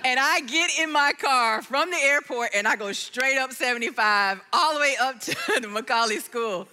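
A woman preaching a sermon, telling a family story in an animated storytelling way before turning to scripture. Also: sits high, normal speed. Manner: storytelling, animated, acts out quotes.

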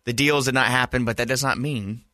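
A man's voice: medium pitch, steady tone, fairly quick, pushed and bright, no echo. A man co-hosting a casual sports podcast in a radio studio, chatty and explaining things at length. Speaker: podcast co-host.

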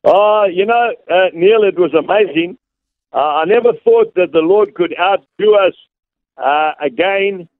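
A South African man, an evangelist, telling stories earnestly with many pauses and fillers over a phone line. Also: high-pitched, dry recording. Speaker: guest evangelist.

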